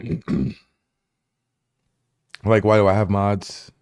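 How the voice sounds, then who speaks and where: A man's voice: on the low side, flat delivery, takes it slowly, darkish tone, clear, resonant tone. A man hosting a live stream, ranting at chat viewers in a combative, profane way. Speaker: livestream host. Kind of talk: live stream commentary rant.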